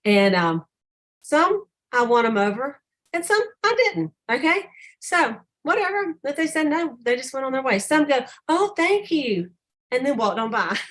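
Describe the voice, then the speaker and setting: An older woman leading a sales team call, telling stories animatedly and acting out customers' lines in a higher voice. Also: moderate pace. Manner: animated storyteller, acts out customer dialogue in a higher voice.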